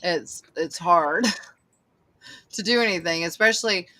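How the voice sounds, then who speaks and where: A woman's voice: lowish voice, slow pace, pushed and bright. A woman in her forties with a Southern US accent, hosting a live online chat from home, talking chattily and laughing often. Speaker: live show host. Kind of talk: casual chat.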